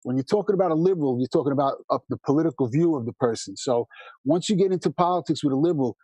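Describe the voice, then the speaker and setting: Husky new york guy talking super fast, tons of restarts, dry mic. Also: a little high, dry recording. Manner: fast, animated storyteller with many restarts. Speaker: musician guest. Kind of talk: casual interview chat.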